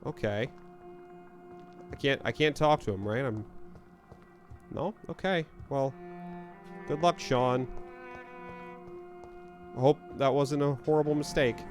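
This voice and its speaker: A man's voice: medium pitch, slow, long pauses, faint music behind. Jokey, rambling male game streamer. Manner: jokey, rambling, laughs at his own quips. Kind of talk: casual live game commentary.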